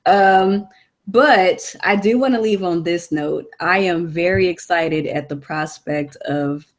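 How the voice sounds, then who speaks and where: A bubbly woman chatting as a guest on a gaming podcast, giggling often. She speaks at an unhurried pace. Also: low voice. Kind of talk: casual chat.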